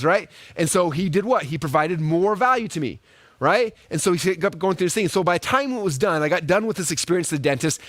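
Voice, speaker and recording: Fast, animated man teaching a live webinar. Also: sits high, no echo, studio quality. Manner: fast, energetic storytelling with lots of "right?" and "okay?". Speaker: online marketing coach.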